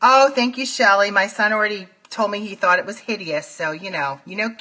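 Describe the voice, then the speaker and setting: A woman's voice: mid-range voice, fairly quick, pushed and bright. A woman with a New York accent hosting a casual phone livestream from home, gushing as she greets viewers by name. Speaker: livestream host.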